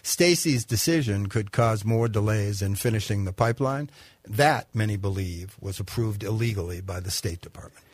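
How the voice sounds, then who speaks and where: A man co-hosting a radio talk show, reading news and commenting in a halting way with fillers. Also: lowish voice, animated, no room sound. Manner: halting, with fillers and restarts when speaking freely. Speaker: radio co-host.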